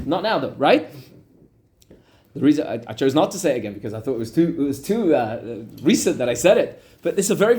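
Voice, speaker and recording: A man teaching a class as a rabbi, telling a story in an animated way and talking directly to his audience. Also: a little high, a little hiss or hum. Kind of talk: storytelling lesson.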